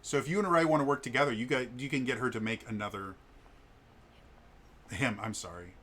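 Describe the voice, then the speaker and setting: A man's voice: mid-range voice, a little fast, sharp tone, slight background noise. A man running a tabletop game as game master, talking casually with lots of filler words and playful asides.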